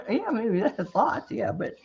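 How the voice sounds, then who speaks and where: A woman in casual chat, an animated storyteller who laughs often. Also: on the high side, a little slow, gravelly, noisy background. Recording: dull lo-fi stream audio.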